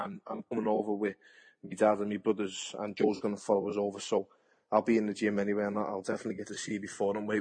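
A British boxer in his 30s speaks in a voice on the low side, with a darkish tone and a breathy edge. In a casual podcast interview he talks frankly and bluntly, swears freely, and acts out past conversations.

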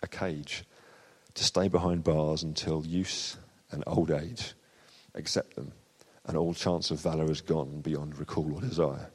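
A preacher reading as a defiant warrior princess. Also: male voice, extremely low pitch, flat delivery, darkish tone, slightly rough, in a large hall, full character voice. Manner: slow, emphatic reading. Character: fierce young noblewoman warrior, defiant.

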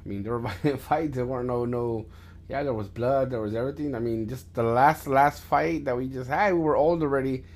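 A man hosting a podcast with his son, telling stories in a loose, rambling way with many restarts and plenty of swearing. He gets loud and animated when he reaches the fights. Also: medium pitch, brisk. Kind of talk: casual storytelling chat.

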